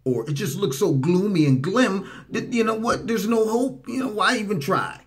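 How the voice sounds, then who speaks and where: A man's voice: high-pitched, moderate pace. A man hosting a talk radio commentary show, mocking and reacting to played clips. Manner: animated, mocking, talks over clips. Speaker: political commentary host.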